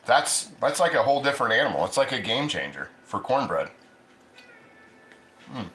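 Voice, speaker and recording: A man's voice: mid-range voice, sing-song, moderate pace, a bit bright, echoey room, soft background music, rough recording. A man hosting a casual cooking livestream from his home kitchen, chatting loosely and reading viewer comments aloud. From Ohio. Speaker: cooking channel host.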